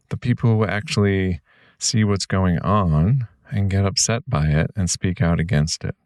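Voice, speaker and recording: Low gravelly man, earnest podcast host. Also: darkish tone, no room sound, clean studio sound. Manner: earnest, reassuring direct address to the listener. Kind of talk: reflective podcast monologue.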